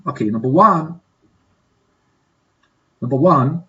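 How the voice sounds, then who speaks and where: Husky male teacher repeating model answers. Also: a little high, lively intonation, bright, forceful tone, highs cut off. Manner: repeats model answers slowly and checks with "okay?". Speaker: English teacher. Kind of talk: classroom exercise walkthrough.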